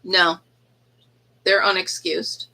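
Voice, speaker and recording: Slow and level, a woman's fairly low voice comes across pushed and bright through a low-quality recording with a little hiss or hum. Livestreaming by phone from an indoor yarn room, she chats casually, laughs often, coos at cheeping baby chicks, and tells a school-absence anecdote.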